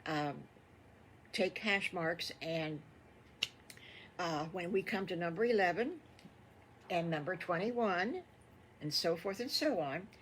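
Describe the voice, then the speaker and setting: A woman's voice: fairly low pitch, lively intonation, slow pace, long pauses, a bit bright. Older woman doing a folksy rambling shopkeeper in a storybook tale; faint background hum. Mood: eager. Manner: chatty, rambling. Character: kindly older male hardware store owner.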